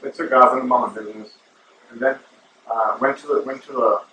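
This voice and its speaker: Host, male, rambling casual storyteller with a bright, forceful voice, recorded distant from the mic in a roomy space. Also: mid-range voice, steady tone, moderate pace, slight background noise. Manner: rambling, filler-heavy, calls listener bro. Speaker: show host.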